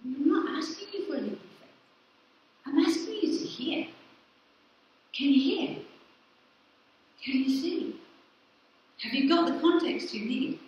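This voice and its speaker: A woman's voice: sits high, expressive, unhurried, pauses often, a little mellow, dull audio, slight background noise. A woman vicar preaching a sermon, asking the congregation questions and answering them herself, recorded from a distance in a church. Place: large church hall. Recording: echoey church, speaker far from the mic.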